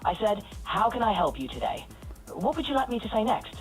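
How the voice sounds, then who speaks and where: A woman's voice: on the high side, big pitch swings, fairly quick, soft background music. A synthetic woman's voice of an AI assistant, eager, polished and accommodating.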